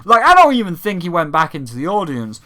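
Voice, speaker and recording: A young man vents in a loose, sweary rant, now and then mimicking others in a mocking tone. His voice sits a little high and has a bright, forceful edge. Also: quick pace. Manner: profane, animated, slips into mocking impressions. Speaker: gaming vlogger. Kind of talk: casual ranting commentary.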